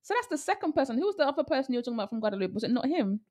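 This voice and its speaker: Lively, playful woman radio co-host. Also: high voice, rapid-fire. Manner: playful, laughs often. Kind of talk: casual radio banter.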